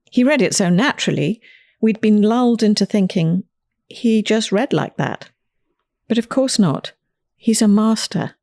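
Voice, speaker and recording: A woman host and author telling a personal story in a scripted, lively reading style. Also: medium pitch, dry recording, clean studio sound.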